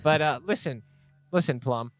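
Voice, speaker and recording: A chatty old gnome grandfather, as a man puts him on, pitched up and folksy. He fusses and teases in a friendly way. Faint music sits behind him. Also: moderate pace, dry recording, lightly acted. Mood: teasing. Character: cheery elderly male gnome scholar, chatty.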